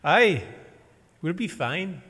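A minister voicing a cheery Scottish hiking guide in a put-on Scottish accent, hearty and reassuring. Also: male voice, high voice, big pitch swings, very slow, sharp tone, long reverb tail, a little hiss or hum, voice pushed up, heavily acted.

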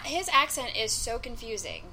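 A woman's voice: fairly high pitch, big pitch swings, normal speed, pushed and bright, slight background noise, low-quality recording. A woman co-hosting a casual TV review podcast, blunt and dry in her criticism. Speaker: podcast co-host.

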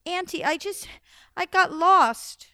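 A meek, polite young girl speaking in a hushed half-whisper , as a woman storyteller puts her on. Her voice is on the high side and close and dry. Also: expressive, measured pace, no echo. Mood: timid.

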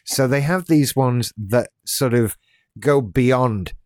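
A man in his late thirties co-hosts a casual podcast, talking in a relaxed, meandering way, often restarting his sentences and adding dry asides about himself. He has a mid-range voice, and the recording is close and dry, with no room sound. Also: medium pitch, takes it slowly, dry recording. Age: late 30s. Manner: laid-back, rambling with restarts and self-deprecating asides. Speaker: podcast co-host. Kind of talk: casual chat.

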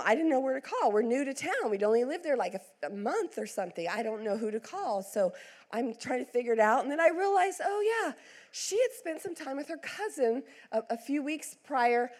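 A middle-aged woman pastor tells a family story from the pulpit in a slightly high voice. She throws herself into the quoted lines, swinging her voice up and down as she goes. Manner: animated, acts out quotes with big swings in voice. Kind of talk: sermon storytelling.

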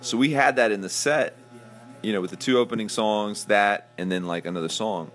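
A man's voice: on the low side, moderate pace, a bit bright, soft background music. A middle-aged man hosting a podcast, telling a long backstage story in casual chat and acting out the quoted voices. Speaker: podcast host.

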